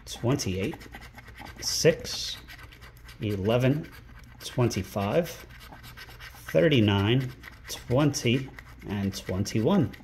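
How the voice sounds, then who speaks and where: A man hosting a scratch-ticket vlog indoors at a rental home, calling out numbers one by one and breaking into excited exclamations. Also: medium pitch, drawn-out words, pauses often, a little hiss or hum. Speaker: scratch-ticket channel host. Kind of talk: casual vlog narration while scratching tickets.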